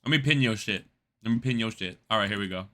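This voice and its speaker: A man's voice: fairly low pitch, fast talker, sharp tone. A man streaming a video game, bantering loosely with his chat, swearing and laughing often. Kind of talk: casual gaming livestream chat.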